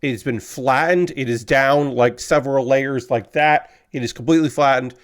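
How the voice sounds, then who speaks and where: A man hosting a livestream in casual talk, halting often with filler words. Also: medium pitch. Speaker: livestream host.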